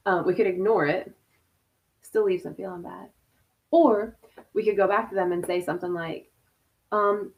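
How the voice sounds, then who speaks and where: A woman's voice: fairly low pitch, fairly even intonation, moderate pace, vocal fry, long pauses. A woman hosting a casual live stream from home over a video call, chatty and laughing, full of "like" and "y'all". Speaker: host.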